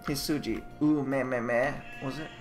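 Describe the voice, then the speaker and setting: A man's voice: medium pitch, fairly even intonation, measured pace, faint music behind. A man playing a game and commenting in English, working through its Japanese text line by line and often trailing off to second-guess himself. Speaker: let's player.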